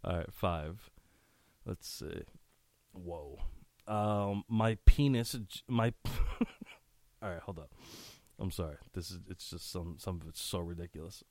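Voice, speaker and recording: A man hosts a laid-back solo podcast in a slow, unhurried drawl. His voice sits a little low, and he is sniffly and keeps clearing his throat. The sound is dry and close, with no room echo. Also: fairly even intonation. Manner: crude, laughing, breaks off into asides. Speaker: podcast host. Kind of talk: casual solo podcast, reading pickup lines aloud.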